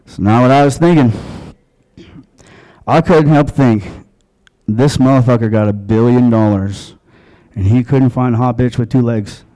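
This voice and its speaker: A man's voice: medium pitch, a little slow, long pauses, dark tone, rough recording. Crude, profane stand-up comedian man. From Long Island, USA. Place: comedy club stage.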